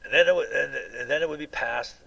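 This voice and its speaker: Male monologue vlogger, mid pitch with a rough, creaky edge, aggrieved and repetitive, many restarts. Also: brisk, pushed and bright, rough recording. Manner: aggrieved, keeps asking "right?". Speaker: video blogger. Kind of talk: rambling personal monologue.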